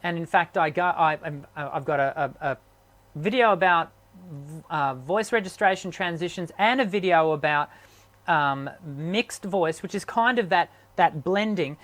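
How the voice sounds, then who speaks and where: Hoarse sick man, halting. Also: a little high, a bit bright. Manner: halting, full of ums and restarts. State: sick, strained voice. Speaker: singing teacher and host. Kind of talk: live online hangout chat.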